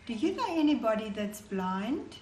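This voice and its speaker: A woman's voice: a little high, sing-song, roomy sound, soft background music. A woman telling a Bible story to children as a storyteller. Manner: slow, warm-toned teaching to children. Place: church hall.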